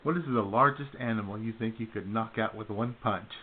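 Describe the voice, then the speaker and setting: A man's voice: fairly low pitch, fairly quick, slight background noise. A man hosting a casual talk radio show, firing off upbeat quiz questions and laughing easily. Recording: tinny phone-like sound.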